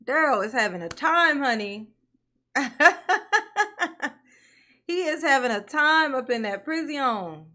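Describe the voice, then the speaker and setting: Woman, livestream host, casual chat, playful, laughs a lot, slow-paced, slightly high voice. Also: sing-song, pushed and bright. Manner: playful, laughs often, calls viewers honey and baby.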